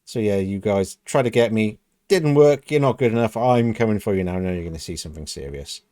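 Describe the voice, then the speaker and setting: A man reacting to a track, talking through his thoughts in a loose, meandering way and often reaching for "kind of" and "you know". His voice sits a little low and sounds mellow and relaxed. The sound is dry and close, with no room echo. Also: brisk. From United Kingdom. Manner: musing, thinking aloud with many "kind of" and "you know". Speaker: music reaction host. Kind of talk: casual reaction commentary.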